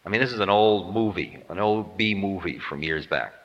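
A man's voice: low-pitched, animated, moderate pace, a bit bright. A man giving a humorous spiritual lecture in a musing, wry, self-mocking way. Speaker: spiritual teacher. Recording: dull lo-fi tape in reverberant hall.

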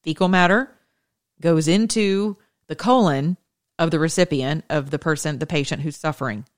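A woman's voice: deep voice, normal speed. A middle-aged woman, hosting a casual commentary monologue, telling stories emphatically with asides and self-interruptions. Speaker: political commentary host.

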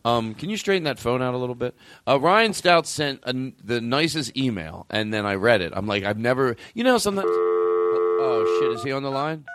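A man hosting a comedy podcast, exasperated and bossy as he talks over the others in quick improvised banter. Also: medium pitch, expressive, fairly bright tone. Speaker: podcast host.

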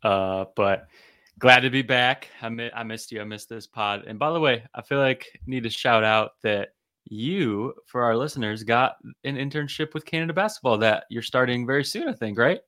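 A man's voice: medium pitch, moderate pace, pushed and bright. A man co-hosting a casual sports podcast, enthusiastic and analytical, often repeating words as he thinks. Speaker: podcast co-host.

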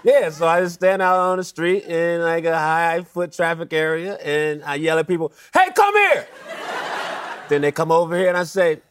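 A man's voice: fairly high pitch, little pitch movement, normal speed, hardly any pauses, a little hiss or hum. A man appearing as a comedian guest on a talk show, cracking dry jokes and breaking into laughter.

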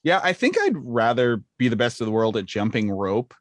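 Jokey young male podcast co-host, animated delivery, dry close-miked sound. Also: mid-range voice, moderate pace, no echo. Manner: playful, jokey, slips into silly put-on voices. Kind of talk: casual comedic chat.

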